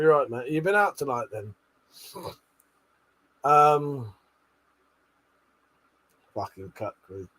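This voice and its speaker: A man's voice: fairly high pitch, pushed and bright. A man hosting a casual late-night livestream, reading out chat messages with lots of swearing, laughter and joking banter.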